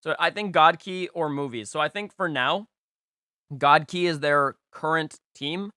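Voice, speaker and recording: A young man hosts a casual live stream, talking through viewers' game teams. His voice sits a little high and has a bright, forceful edge. He is emphatic and playful, hammering points home by repeating them. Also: a little slow, dry recording, clean studio sound. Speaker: livestream host rating viewers' game teams.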